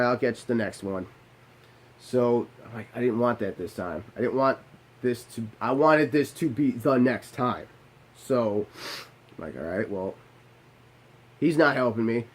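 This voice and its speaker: Profane young man telling a story. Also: mid-range voice. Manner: profane, self-deprecating, animated asides. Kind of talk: casual personal storytelling.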